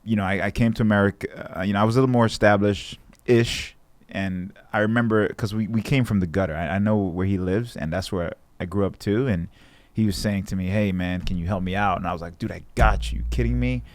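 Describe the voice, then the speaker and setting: A man's voice: fairly low pitch, steady tone, a little fast, few pauses, no room sound. A man in his thirties from Jamaica, a guest in a casual interview, talking reflectively and acting out the voices he quotes. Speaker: guest fighter.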